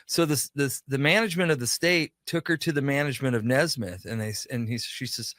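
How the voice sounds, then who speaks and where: A man guesting on a radio talk show, spinning a long anecdote and playing out each exchange of dialogue. His voice sits at an ordinary middle pitch. It is recorded close and dry, with no room sound. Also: brisk, fairly bright tone, dry recording. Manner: chatty anecdotal storytelling, acts out quoted dialogue. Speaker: guest, pop culture shop owner. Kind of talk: radio interview storytelling.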